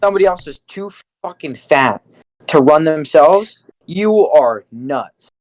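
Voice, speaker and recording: A man's voice: a little high, lively intonation, unhurried, a little mellow, rough recording. Rambling profane teen guy. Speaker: podcast co-host. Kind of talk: casual storytelling chat.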